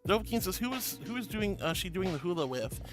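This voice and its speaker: A woman's voice: medium pitch, big pitch swings, fast talker, music in the background. A woman streamer chatting with her viewers, bubbly and gushing, calling them honey and sweetie. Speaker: VTuber streamer. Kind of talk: casual chat with viewers.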